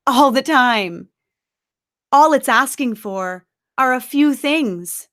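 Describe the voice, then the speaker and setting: A woman giving an encouraging, emphatic webinar talk as a nutrition coach, at times guiding a slow breathing exercise. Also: high-pitched, expressive, a bit bright.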